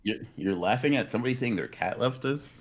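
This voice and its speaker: A young man co-hosting a podcast, teasing his partner in casual banter and breaking into high-pitched laughter. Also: expressive, quick pace. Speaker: podcast co-host.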